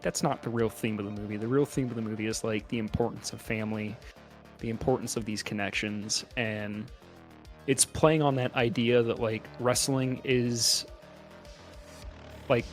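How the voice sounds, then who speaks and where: Male podcast co-host, very flat intonation, analytical casual chat, faint music underneath. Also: mid-range voice. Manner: analytical, many "like" fillers. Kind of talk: casual film discussion.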